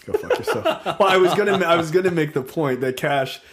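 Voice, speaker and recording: A man's voice: on the high side, a little fast, very noisy. A man co-hosting a casual film review podcast, talking playfully and laughing often. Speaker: podcast co-host.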